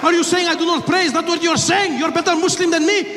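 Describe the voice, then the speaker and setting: A man voicing an indignant male airline passenger who shouts down another man with rapid-fire questions, in a live stand-up set. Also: very high-pitched, pitched above the performer's own voice. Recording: reverberant live hall, laughing crowd, noise.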